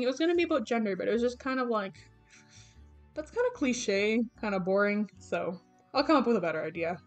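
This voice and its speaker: A young woman talking through her sketchbook in a casual, rambling way, with lots of fillers and self-corrections. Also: medium pitch. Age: young adult. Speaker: artist vlogger. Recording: faint background music. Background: background game music.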